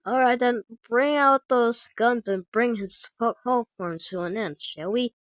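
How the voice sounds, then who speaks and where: A woman's voice: fairly high pitch, measured pace, no echo, lightly acted. Girl doing a rowdy texan cowboy sheriff, hollering, dull dry audio. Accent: Texan put-on. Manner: hollering, chuckling. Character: brash Texan cowboy sheriff, loud and folksy.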